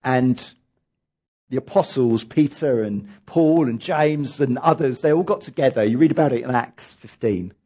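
A man's voice: medium pitch, moderate pace, warm tone, husky. A man preaching a sermon as pastor, emphatic and leading his congregation in reading aloud.

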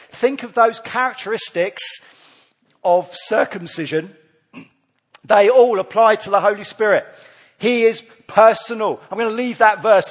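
A man's voice: high-pitched, husky. A man preaching a sermon to a congregation, earnest, leading them in reading scripture aloud together. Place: church hall. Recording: long reverb of a church hall.

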